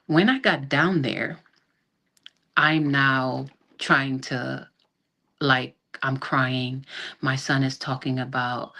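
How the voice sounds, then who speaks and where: A middle-aged woman with a strikingly low, dark-toned voice recounts a hard chapter of her life as a podcast guest over a video call. She acts out each person's words as she goes and often restarts her sentences. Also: takes it slowly. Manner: animated retelling that acts out quoted dialogue, with frequent restarts. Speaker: guest, army sergeant. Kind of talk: personal storytelling in a podcast interview.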